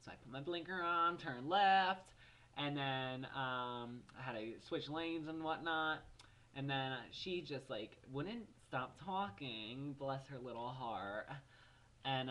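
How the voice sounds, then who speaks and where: A seventeen-year-old young man from New Jersey, ranting animatedly and profanely in a casual vlog. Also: mid-range voice. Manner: animated, profane, exasperated storytelling. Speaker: vlogger.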